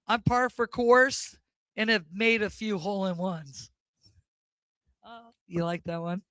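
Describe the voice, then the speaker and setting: A woman's voice: mid-range voice, fairly even intonation, slow pace, long pauses, a bit bright, no echo. A woman doing an awkward, self-deprecating stand-up set at an open mic.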